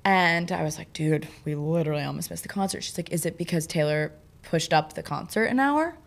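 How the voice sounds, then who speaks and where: A young woman co-hosting a podcast, telling a travel story in lively casual chat and acting out the people she quotes. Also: sits low, a little fast, gravelly. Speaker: podcast co-host.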